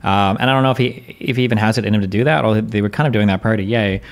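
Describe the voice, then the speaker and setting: A man's voice: lowish voice, very fast. A man commenting live on his stream in a blunt, mocking, profane way. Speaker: streamer reacting to clips.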